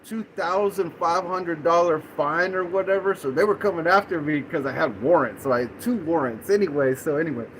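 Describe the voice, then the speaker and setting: Animated, rambling man. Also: a little high, slight background noise, low-quality recording. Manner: rambling, animated, peppered with "dude" and "you know what I'm saying". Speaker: livestream host. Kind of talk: casual storytelling on a livestream.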